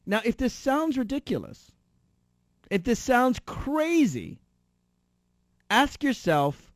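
A man giving a sarcastic political monologue that builds to loud outbursts. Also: extremely high pitch, sing-song, takes it slowly, pauses often, no room sound, clean studio sound. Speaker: political commentator. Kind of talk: animated satirical monologue.

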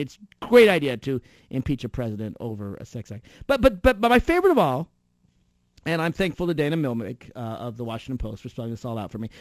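High, lively, sarcastic male commentator. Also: dry recording, clean studio sound. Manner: sarcastic, builds to loud outbursts. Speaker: political commentator. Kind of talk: animated satirical monologue.

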